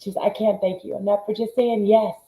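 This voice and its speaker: A woman fitness coach talking in a casual group chat, energetic and emotional, with tough-coach enthusiasm. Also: mid-range voice, fairly quick, roomy sound, low-quality recording.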